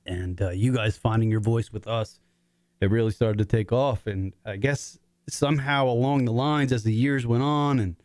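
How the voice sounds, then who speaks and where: A man's voice: medium pitch, steady tone, moderate pace, darkish tone, no room sound. Profane, emotional man rambling as host. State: emotional, voice cracking. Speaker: podcast host. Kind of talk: emotional casual monologue.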